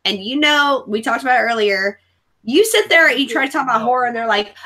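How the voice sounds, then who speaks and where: A woman's voice: a little high, big pitch swings, a little fast, bright, forceful tone. A Southern woman hosting a casual group video call, blunt, talkative and swearing freely. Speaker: stream host.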